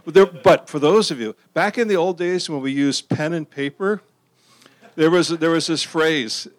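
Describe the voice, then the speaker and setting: There's no echo on this middle-aged male pastor's mid-range voice. His sermon is conversational, full of questions to the audience and phrases repeated for emphasis.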